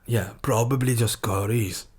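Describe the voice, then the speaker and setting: A man co-hosting a comedy podcast, talking bluntly and deadpan through an improvised bit. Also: medium pitch, a little slow.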